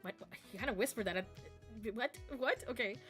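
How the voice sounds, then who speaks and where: A playful woman streamer with a bright, forward voice, cracking jokes and reading the game text aloud. Soft music plays faintly behind her. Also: fairly high pitch, fairly quick. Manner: playful, joking, laughs often, reads story text aloud.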